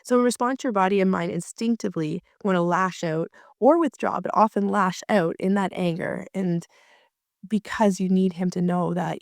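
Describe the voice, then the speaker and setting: A woman's voice: mid-range voice, normal speed, vocal fry, dry recording, studio quality. A woman working as a marriage coach, talking casually and chattily with many fillers and restarts.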